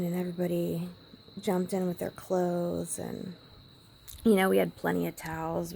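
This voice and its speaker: Woman vlogger, gravelly and warm-toned, emotional storyteller who slips into whispers. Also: fairly low pitch, slight background noise. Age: adult parent. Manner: emotional, drops to a hushed whisper at times. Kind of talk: personal storytelling vlog.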